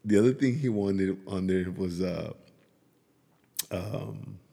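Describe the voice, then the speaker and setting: A man's voice: sits low, takes it slowly, vocal fry, mellow, slightly rough, long reverb tail. A man hosting his own podcast, telling a family story in a rambling way and laughing often. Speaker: podcast host. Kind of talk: casual chat.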